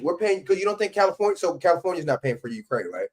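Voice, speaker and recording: A man's voice: on the high side, big pitch swings, very fast, hardly any pauses, a little mellow, breathy edge. Profane, heated man ranting on stream. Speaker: livestream host. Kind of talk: casual reaction commentary.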